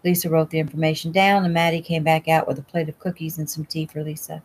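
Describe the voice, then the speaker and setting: A woman reading her own novel aloud at home in a relaxed, conversational way. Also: low-pitched, brisk, breathy edge, poor audio. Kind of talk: casual audiobook reading.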